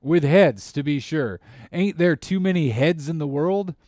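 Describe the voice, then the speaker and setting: A sly, teasing innkeeper drawls in rustic dialect, as a male reader puts him on. His voice rides a bit higher and livelier than plain talk, bouncing between notes. The sound is dry and close, with no room around it. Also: expressive, a little slow, darkish tone, dry recording. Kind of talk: audiobook character voice.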